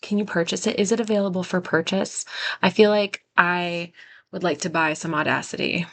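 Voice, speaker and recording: A woman's voice: lowish voice, fairly even intonation, moderate pace. A young woman hosting a story channel, reading posts aloud into her own microphone and reacting with chatty asides. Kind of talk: reading stories aloud with commentary.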